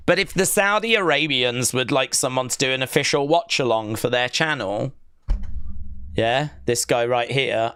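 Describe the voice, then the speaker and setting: A man hosts a live stream, rambling through opinions and chat messages with sarcastic jokes and plenty of ums. His voice sits at an ordinary middle pitch. It is recorded close and dry, with no room sound. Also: measured pace, a bit bright, clear, resonant tone, no room sound. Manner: sarcastic, jokey, rambling with fillers. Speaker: wrestling watch-along host.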